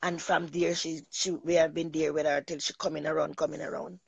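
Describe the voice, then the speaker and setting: A woman's voice: sits low, little pitch movement, fairly quick, creaky, breathy edge, dry recording. Middle-aged female host, emotional rambling storyteller, dry close sound. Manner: rambling, emotional, repeats herself. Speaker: talk show host. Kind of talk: personal storytelling monologue.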